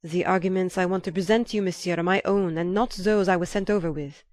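A woman voicing an earnest, humble young Frenchman who speaks with quiet, pleading insistence. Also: fairly low pitch, steady tone, fast, no echo, clean studio sound, lightly acted.

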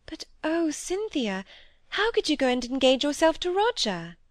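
Sincere young woman asking pointed questions, read by a woman; bright-ish voice, dry close mic. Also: high-pitched, very animated, moderate pace, no room sound, voice pushed up. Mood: questioning. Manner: gently probing, sometimes indignant. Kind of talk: audiobook reading of dialogue.

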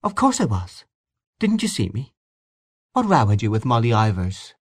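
A bright, coaxing young wife, lifted well above a low reading voice and swooping about as she teases and pleads, put on by a man reading a story. The sound is close and dry. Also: huge pitch swings, normal speed, slightly rough, no echo. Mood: teasing. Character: lively young Irish wife, teasing and eager.

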